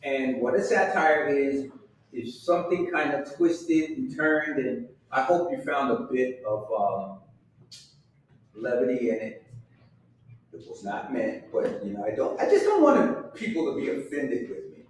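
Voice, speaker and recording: A man's voice: mid-range voice, sing-song, measured pace. A man in his sixties hosting a show and doing stand-up, self-mocking and chatty as he drifts between asides in a small room. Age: 60s. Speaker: host and stand-up comedian. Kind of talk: live stand-up comedy. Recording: echoey room, mic far off, faint noise.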